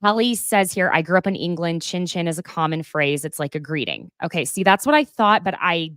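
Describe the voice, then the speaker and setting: Woman, young adult, live-stream host, low voice, dry close sound, rambling and laughing. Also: lively intonation, fairly quick, fairly bright tone, dry recording. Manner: chatty, rambling, laughs often. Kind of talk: casual live-stream chat.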